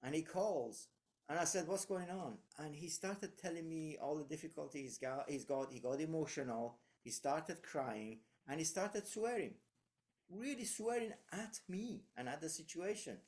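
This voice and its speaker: A man's voice: on the high side, expressive, moderate pace, a little mellow. A man giving leadership advice in casual conversation, reflective and anecdotal, with frequent fillers and restarts.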